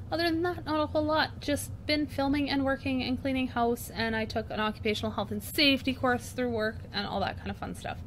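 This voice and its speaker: A woman's voice: mid-range voice, a bit bright, a little hiss or hum. A woman hosting a painting tutorial at her craft desk, chatty and self-mocking as she works, breaking into laughter. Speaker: craft channel host.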